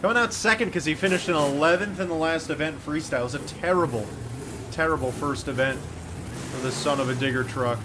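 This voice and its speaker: Man, game commentator, chatty, excitable, sarcastic, fairly high voice, engine sounds behind. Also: a little fast, background noise. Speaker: streamer commentating a simulated monster truck event.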